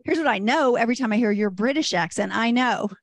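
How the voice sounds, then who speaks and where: An older woman from Texas, doing a stand-up comedy set, lively and self-deprecating. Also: on the high side, fast, no echo. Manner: lively, self-deprecating, puts on voices for quoted people.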